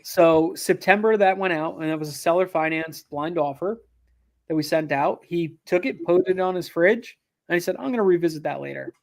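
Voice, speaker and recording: A land investor guest in a casual interview spins a business story with lively energy, acting out quotes amid frequent fillers and restarts. He talks at a normal speed in a voice on the high side.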